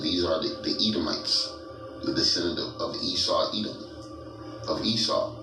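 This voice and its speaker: A man preaching from scripture, reading verses aloud and mocking his targets with chuckles and a steady "right?". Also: deep voice, moderate pace. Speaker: street preacher. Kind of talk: scripture-reading sermon commentary. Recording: echoey room, mic far off, music behind.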